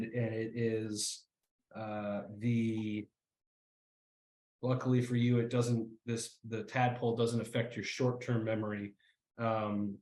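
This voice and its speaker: A man running a tabletop game as game master, talking slowly and pausing often on fillers. His voice sits in the middle range. The room gives it a noticeable echo. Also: fairly low pitch, darkish tone. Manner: halting, many fillers.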